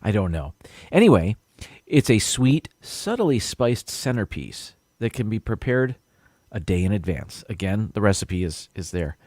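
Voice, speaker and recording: A man's voice: lowish voice, sing-song, a little slow, darkish tone, no echo, clean studio sound. A man hosting a casual live stream, rambling a little as he reads viewer comments and stumbles over unfamiliar words.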